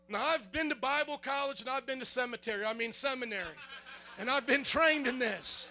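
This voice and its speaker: A man preaching a sermon as pastor, fervent, quizzing the congregation in call-and-response and building up to shouts. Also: very high voice, brisk.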